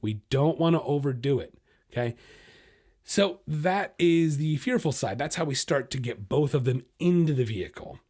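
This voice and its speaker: A man hosting a dog podcast, giving casual, blunt training advice and talking straight to his listeners. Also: fairly high pitch. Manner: blunt, animated, talks straight to listeners as "guys"; acts out a dog's inner voice in quick asides.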